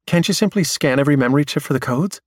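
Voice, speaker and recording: Man doing a snide young woman, sharp-tongued, lightly raised pitch, dry sound. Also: very fast, dry recording, natural voice. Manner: snide, anxious questions.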